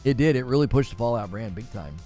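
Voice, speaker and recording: A man's voice: medium pitch, fast talker, soft background music. A man chatting casually with his live-stream viewers about games, talking to them directly. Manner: chatty, talks to chat viewers, animated. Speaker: gaming streamer.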